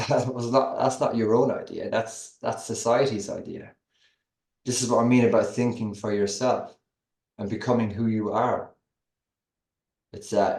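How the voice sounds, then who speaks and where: A man's voice: lowish voice, darkish tone. A man in an earnest, musing podcast discussion, thinking aloud with hesitant restarts. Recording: roomy echo.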